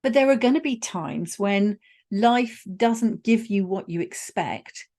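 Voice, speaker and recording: A woman's voice: mid-range voice, animated, takes it slowly, mellow. A woman hosting a solo podcast, telling a personal travel story in a conversational way with wry asides. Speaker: podcast host.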